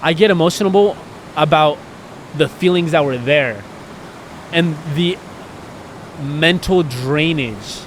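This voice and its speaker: Earnest male podcast co-host, rambling and emotional, slightly high voice, faint background hiss. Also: slow pace, long pauses. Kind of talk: candid podcast conversation.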